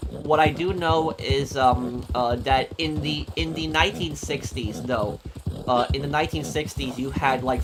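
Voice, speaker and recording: A man streaming a game, chatting casually and answering super chats in a halting, opinionated, rambling way. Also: mid-range voice, heavy background noise. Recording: game sounds with horses behind.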